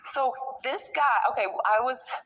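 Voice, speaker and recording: A middle-aged woman tells her story in a rambling, heated way, with profanity scattered through her speech. Her voice sits a little high and cuts through with a bright, sharp edge. The recording sounds dull and lo-fi. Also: moderate pace. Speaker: storyteller recounting her own experiences. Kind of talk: casual conversation.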